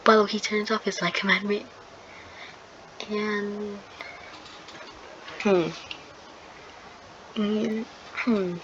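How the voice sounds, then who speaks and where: A woman's voice: medium pitch, flat delivery, extremely slow, long pauses, fairly bright tone. Woman, rambling hesitant storyteller, casual retelling, muffled sound, noisy background. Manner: rambling and hesitant, many fillers. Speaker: video creator. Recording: dull lo-fi sound with clear background noise.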